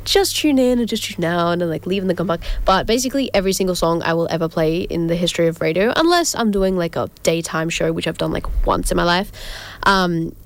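Speaking quickly with few pauses and a fairly low pitch, the young woman keeps her casual community radio show chatty and rambling. She giggles often and fills silences with ums from the radio studio.

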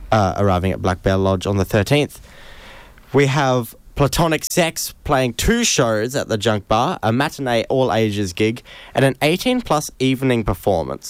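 A man hosting community radio, casually reading out a local gig guide at an unhurried pace. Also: medium pitch, clean tone, dry recording. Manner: relaxed, unhurried listing of dates. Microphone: studio microphone.

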